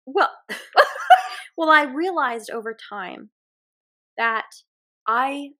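A woman's voice: sits high, lively intonation, slow, pushed and bright. A woman with a Southern US accent, co-hosting a podcast in casual chat, talking in a reflective, earnest way that trails off with fillers. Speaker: podcast co-host.

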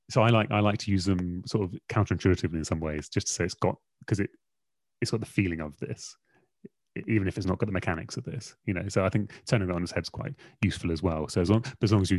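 A man's voice: low-pitched, fast, a little mellow, no room sound, studio quality. A man, a magazine editor, talking casually on a podcast in a rambling, self-deprecating way with lots of fillers.

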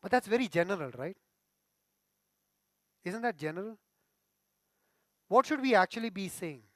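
A pastor delivers a sermon in a fairly high male voice. He is earnest and keeps turning to the congregation with direct questions. The sound is dry, with little room echo. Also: expressive, normal speed.

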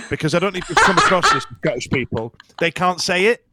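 A man's voice: high voice, big pitch swings, fast talker, few pauses, very noisy. A man co-hosting an interview, telling stories and joking, often repeating words as he starts. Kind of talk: casual interview chat.

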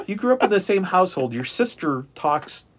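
A man originally from Chicago, with a Chicago accent worn down by years in Kansas City, chatting casually about his RV travels; he tells stories animatedly, repeats words, and jumps up in pitch for emphasis. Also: very animated, measured pace, a bit bright. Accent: Chicago, softened by Kansas City. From Chicago area. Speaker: guest traveling by RV. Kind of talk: casual chat.

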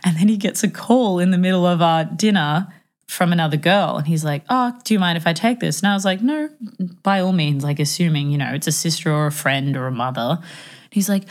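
A young woman telling a personal story in a casual chat. Her voice sits a little low for a woman, and she is animated and self-mocking, acting out what people said. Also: fairly quick. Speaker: guest telling a dating story.

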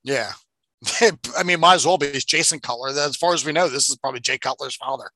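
Man, casual podcast chat, sarcastic, profane, bright tone, dry close mic. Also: medium pitch, fast, dry recording. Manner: profane, sarcastic, acts out movie lines. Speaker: podcast co-host. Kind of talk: casual movie-review chat.

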